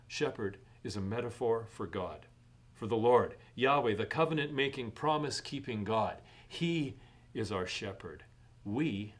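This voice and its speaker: A middle-aged man preaches a sermon at a mid pitch. He talks in a measured, steady way and lifts his voice to stress key points. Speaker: pastor.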